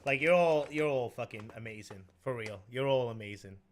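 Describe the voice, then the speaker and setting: A man's voice: mid-range voice, moderate pace. Laid-back swearing man on a video call. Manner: laid-back, swears freely, trails off mid-thought. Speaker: co-host. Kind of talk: casual live-stream chat.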